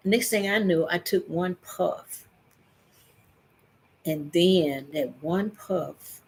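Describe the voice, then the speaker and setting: Husky woman telling her story. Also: lowish voice. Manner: lively, acts out voices of people in her story. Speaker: vlogger. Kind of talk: personal storytelling.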